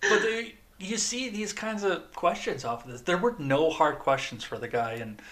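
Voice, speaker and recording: A man's voice: fairly high pitch, expressive, moderate pace, fairly bright tone. A man hosting a podcast, giving sarcastic, rambling political commentary. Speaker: podcast host.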